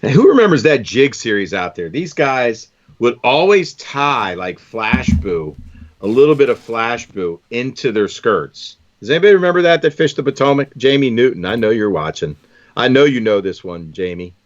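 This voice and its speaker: A man's voice: mid-range voice, very animated, moderate pace. Chatty guy tying fishing lures on a live stream, keeps saying man, kinda dull lo-fi audio. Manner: chatty, enthusiastic, says "man" often. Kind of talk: casual live-stream chat.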